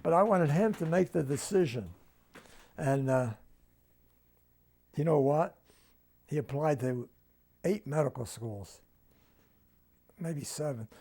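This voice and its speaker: A man's voice: on the high side, takes it slowly, long pauses, warm tone. An older man with a New Jersey accent, telling family stories in an oral history interview at home and acting out the dialogue. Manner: storytelling, acts out quoted dialogue.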